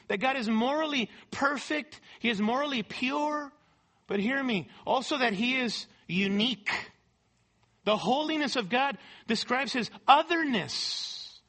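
Bright high-voiced preacher man. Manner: emphatic preaching, repeats phrases for stress; explains scripture verse by verse. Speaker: pastor. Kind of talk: sermon.

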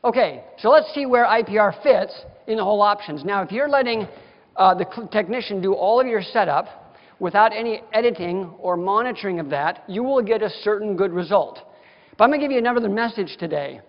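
Man, high voice, folksy and emphatic lecturer, dull sound in a long-reverb hall. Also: animated, brisk. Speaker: dental lecturer. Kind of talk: continuing-education lecture.

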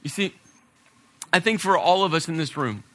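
A male pastor preaching a sermon, dramatic, shifting between loud and hushed passages and acting out quotes. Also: a little high, animated, moderate pace.

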